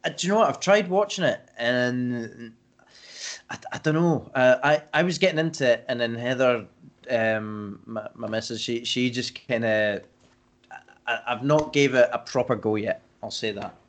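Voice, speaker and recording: A man speaks hesitantly on a casual podcast, stumbling over his words. His voice sits at a middling pitch. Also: moderate pace. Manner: hesitant, stammering restarts. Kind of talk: casual banter.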